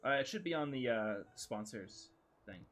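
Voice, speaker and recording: Thirties male streamer, jokey, trails off, lively swooping delivery. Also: medium pitch, normal speed. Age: 30s. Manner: joking, animated, often trails off mid-sentence. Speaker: co-host of a game livestream. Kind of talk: casual gaming stream chat.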